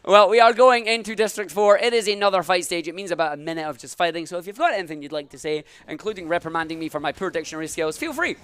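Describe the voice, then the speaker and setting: A man's voice: sits high, fast talker, few pauses, fairly bright tone, clear, resonant tone, no room sound. Give me a man narrating his own speedrun live, calling every jump and dash. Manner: upbeat, talks through each move as he plays.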